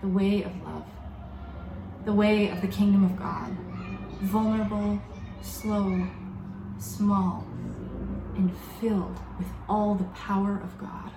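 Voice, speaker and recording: A woman's voice: mid-range voice, steady tone, slow pace, creaky, long pauses, music in the background. Woman preaching in an echoey room. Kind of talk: sermon. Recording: echoey room with faint background ambience.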